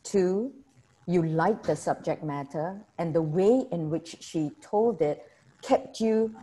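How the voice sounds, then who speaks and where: A middle-aged woman guides a workshop on a video call. Her voice is lowish and mellow, and she talks participants through their answers with a friendly, teacherly rhythm. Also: slow, husky. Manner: summarizes points, prompts participants by name. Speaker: workshop facilitator. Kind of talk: online workshop discussion.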